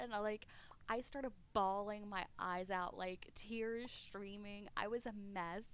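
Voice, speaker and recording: A woman's voice: mid-range voice, steady tone, slow, long pauses, clean tone. A woman streamer chatting casually while gaming, rambling and candid, laughing often and swearing offhandedly.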